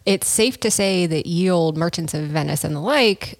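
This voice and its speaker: Field: podcast. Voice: low, gravelly woman co-host. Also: moderate pace, no room sound. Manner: playful explaining. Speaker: podcast co-host and business school teacher. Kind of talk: casual podcast chat.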